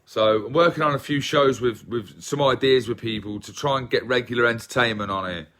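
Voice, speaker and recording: Man, English accent, casual livestream chat, self-deprecating, chatty, mid pitch. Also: brisk, fairly bright tone. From England. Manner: chatty, self-deprecating, greets viewers by name. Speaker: livestream host.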